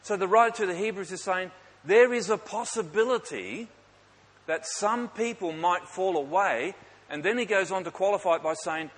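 A man's voice: sits high, normal speed, a bit bright. A man preaching a sermon, emphatic, with rhetorical questions to the congregation and light joking asides. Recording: echoey hall with faint hiss.

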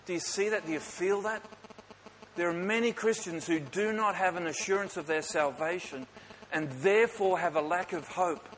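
A man preaches a sermon in a fairly high voice, driving his points home with emphasis and rhetorical questions. He drops in light joking asides. The sound carries a hall's long echo over a faint hiss. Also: moderate pace, fairly bright tone. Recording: echoey hall with faint hiss.

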